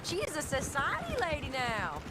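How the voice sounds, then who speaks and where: A mischievous outlaw woman who tosses out catty, playful remarks in this western video game. Her high voice bounces all over. Loud hoofbeats nearly swamp her. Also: huge pitch swings, moderate pace. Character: mischievous young outlaw woman, sharp-tongued. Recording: game audio under loud hoofbeat noise. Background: horse hooves.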